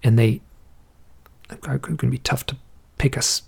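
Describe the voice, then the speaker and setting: A man's voice: medium pitch, steady tone, measured pace, vocal fry, a little mellow, breathy edge. A man talking as an interview guest, thinking aloud and telling stories in a casual, musing way. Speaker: interview guest, researcher of alien encounter accounts.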